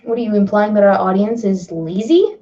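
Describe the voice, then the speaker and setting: A woman co-hosting a casual stream chat, giggly and teasing, with quick banter. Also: mid-range voice, expressive, dark tone. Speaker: co-host. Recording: slightly dull lo-fi audio.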